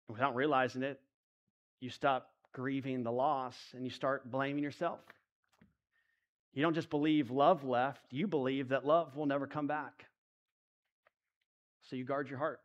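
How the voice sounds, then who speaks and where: A man preaching a sermon, moving between hushed, intimate lines and emphatic rises. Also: medium pitch, fairly even intonation, a little slow, long pauses, lo-fi sound. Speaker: pastor.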